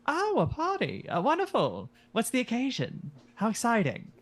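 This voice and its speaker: A man's voice: very high-pitched, huge pitch swings, normal speed, exaggerated voice. A player voicing a prim academic woman from Boston, fussy and hesitant with many filler sounds. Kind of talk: tabletop role-play.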